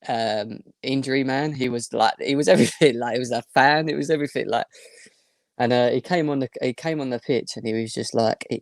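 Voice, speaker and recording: A young man, animated and rambling as he tells a story as a podcast guest. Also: medium pitch, dry recording, studio quality. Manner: animated, rambling anecdote with restarts. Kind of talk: casual storytelling.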